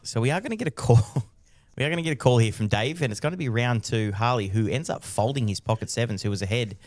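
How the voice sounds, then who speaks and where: Dry-sounding poker commentator. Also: male voice, medium pitch, fast talker, dry recording. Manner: chatty, teasing co-host.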